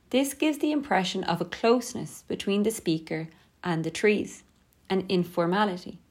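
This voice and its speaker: Female teacher voice, mid pitch, steady scripted lesson read, measured.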